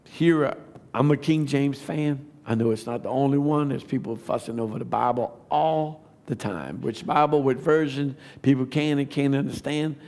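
A man, giving a testimony sermon that builds to fervent shouting. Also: mid-range voice, moderate pace. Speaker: preacher.

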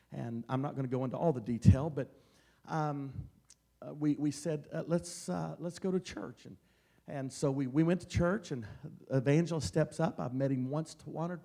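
Middle-aged male evangelist, high voice, storytelling sermon that swells into shouting. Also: gravelly. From Mississippi. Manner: storytelling, building to loud shouted preaching. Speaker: traveling evangelist preacher. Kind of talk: Pentecostal sermon.

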